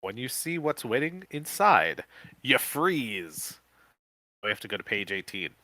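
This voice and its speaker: A man co-hosting a podcast, reading a gamebook aloud live in a casual way, with quick joking asides. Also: mid-range voice, big pitch swings, pushed and bright, dry recording.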